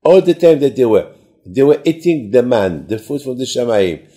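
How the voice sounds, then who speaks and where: A man giving a sermon in simple, halting speech, often repeating words and asking rhetorical questions. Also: medium pitch, very animated, mellow.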